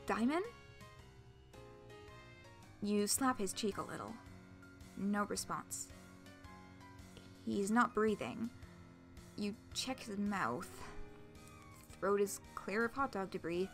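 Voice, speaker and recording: A woman streamer reading a visual novel aloud, expressive, laughing often and swearing casually. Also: mid-range voice, slow pace, pauses often, faint music behind.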